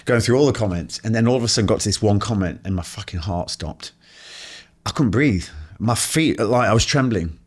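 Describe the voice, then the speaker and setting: Guest author, man, slightly low voice, animated profane storyteller. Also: moderate pace, breathy edge. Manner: animated, profane anecdotes with acted-out quotes. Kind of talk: casual storytelling conversation.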